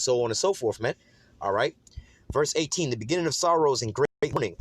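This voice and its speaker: In a rambling, informal Bible study, a man reads verses and comments on them in streetwise slang, filling gaps constantly with "man" and "all right." The teacher's mid-range voice is lively in intonation and fairly quick, recorded dry.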